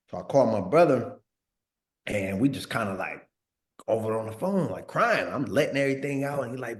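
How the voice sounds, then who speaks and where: Man in his 30s telling a story in an interview, easygoing slang, lots of "like" and "bro", mid-pitched voice. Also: very animated, normal speed. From Northern California. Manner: laid-back slang, frequent "like" and "bro", repeats words. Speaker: former pro football player, guest. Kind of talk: casual storytelling in a sit-down interview.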